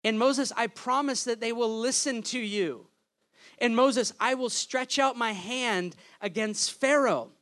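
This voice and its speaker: God voice, emphatic and slow, insisting, preacher man doing it. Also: very high-pitched, fairly bright tone, pitched above the performer's own voice. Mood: commanding. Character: God, commanding and reassuring.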